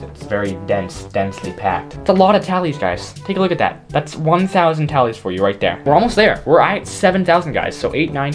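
A young man vlogging a counting challenge, chatty and energetic, calling out to the viewers, his voice sore and strained. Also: a little high. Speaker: YouTuber. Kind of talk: casual vlog challenge. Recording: music playing behind voice.

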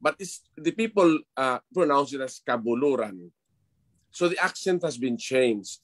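A man who is a priest, speaking on an online panel over a video call, explaining in a measured way. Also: on the high side, no room sound.

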